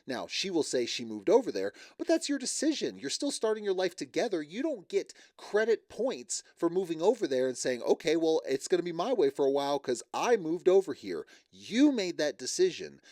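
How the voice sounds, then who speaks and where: A man giving casual, opinionated reaction commentary on a reality show, sarcastic and quick to laugh. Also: on the high side, very animated, a little mellow, no room sound, studio quality. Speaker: reality TV recap host.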